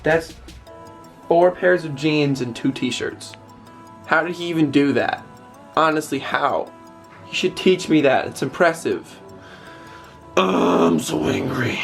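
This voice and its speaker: A teenage man vlogging in a casual, animated way, exasperated and acting out the people he quotes. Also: fairly high pitch, slow pace, vocal fry, pauses often, soft background music. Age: teens. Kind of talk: casual vlog storytelling. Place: cold house and busy restaurant.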